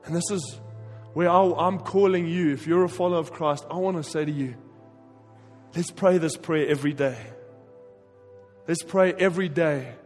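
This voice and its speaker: A man preaching a sermon with passion, his voice swinging between forceful emphasis and quiet, hushed stretches. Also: on the high side, normal speed, in a large hall, soft background music. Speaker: pastor.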